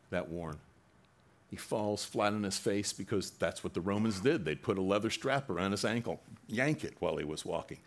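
Male preacher, very low voice, dramatic scripture retelling with loud bursts. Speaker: pastor. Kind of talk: sermon.

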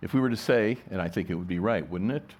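A middle-aged pastor preaching a sermon, his voice sitting a little low. He talks to the congregation the way he would in conversation, asking questions, restarting his sentences and circling back to his point. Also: fast talker, darkish tone.

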